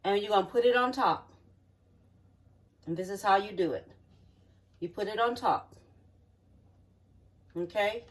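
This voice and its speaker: A home cook walking viewers through a recipe in a folksy, chatty way, checking in often with the audience, in a home kitchen. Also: medium pitch. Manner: folksy, chatty step-by-step instructions with frequent "okay?" check-ins. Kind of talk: cooking demonstration. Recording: voice distant from the mic.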